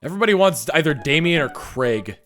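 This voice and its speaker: A man's voice: on the high side, very animated, brisk, a bit bright, slight background noise. A man streaming a video game, reading its text aloud with playful jokey commentary. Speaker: streamer playing a dating game. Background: game music.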